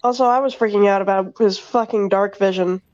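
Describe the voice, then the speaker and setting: Female player, blunt casual chat, dark mellow tone, dull lo-fi recording. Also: medium pitch, steady tone, a little fast, dry recording. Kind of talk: casual chat at a game table.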